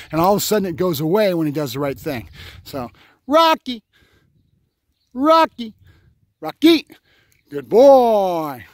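Give me a man with a high voice explaining dog training step by step out in a field, dry and close. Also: darkish tone, no room sound. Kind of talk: outdoor training demonstration. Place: open field outdoors.

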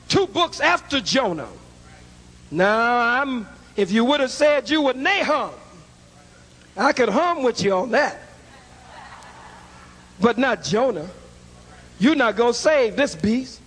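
A male minister giving a fiery sermon to a live audience, shouting and drawing call-and-response answers. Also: extremely high pitch, very animated, slow pace, pauses often, breathy edge. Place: large hall with audience. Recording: echoey lecture hall.

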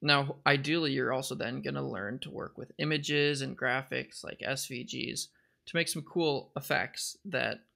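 A man hosting a programming tutorial, explaining projects in a relaxed, conversational way with uneven pacing and pauses. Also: medium pitch, creaky.

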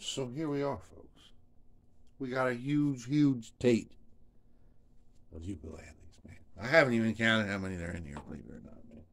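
A man's voice: medium pitch, moderate pace, fairly bright tone. A man hosting a casual video journal. He rambles in a laid-back, storytelling way, with slang, swearing and constant "man" and "you know what I'm saying.". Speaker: video host.

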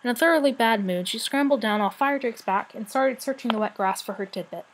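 A woman reading a children's novel aloud as narrator, in a steady, clear manner. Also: fairly high pitch, a little fast, slight background noise, rough recording. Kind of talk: storybook narration.

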